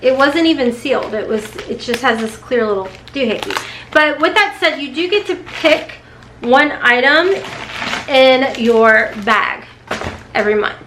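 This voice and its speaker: A woman's voice: high-pitched, lively intonation, measured pace, background noise. A woman vlogger, chatting casually to the camera in a rambling, emotional way, nervous and close to tears. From Kentucky, USA. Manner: rambling, emotional, talks in bursts with restarts. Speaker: beauty vlogger. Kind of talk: casual unboxing vlog chat.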